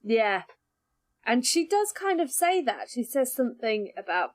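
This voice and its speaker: Woman priest, podcast co-host, animated storyteller, slightly high voice. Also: unhurried. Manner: animated retelling, acting out quotes in jumpy voices. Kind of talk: casual podcast chat.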